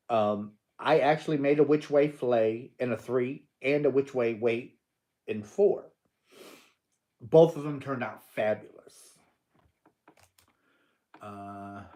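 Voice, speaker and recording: A man's voice: mid-range voice, a little mellow. An older man hosting a casual live stream, answering viewers and teasing them playfully, often laughing. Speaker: livestream host.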